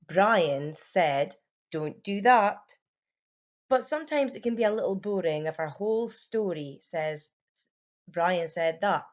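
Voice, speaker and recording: Scottish woman, young adult, primary teacher, slightly low voice, encouraging and explanatory. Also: darkish tone. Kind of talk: recorded home-learning lesson.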